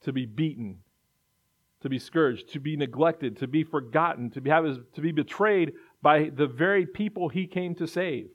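Earnest male preacher, highish voice, piles up repeated lines, dull lo-fi recording. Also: moderate pace. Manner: earnest, building to emphatic repetition. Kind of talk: sermon.

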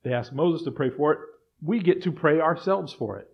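A man preaching a sermon as pastor, moving between quiet reflective passages and loud acted-out voices of doubters. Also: a little high, animated, normal speed, creaky, slightly rough, lo-fi sound.

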